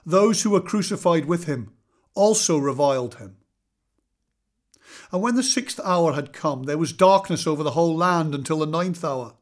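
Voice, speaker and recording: A man reading scripture aloud in a measured, solemn way, slowing for weight. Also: on the high side, animated. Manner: measured, solemn reading with slow dramatic pauses. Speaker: scripture reader.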